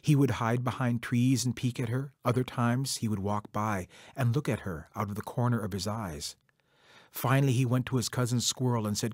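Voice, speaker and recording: Husky-voiced male storyteller. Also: mid-range voice, moderate pace, no echo, studio quality. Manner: warm, conversational, addresses listeners directly. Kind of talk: oral folk storytelling for children.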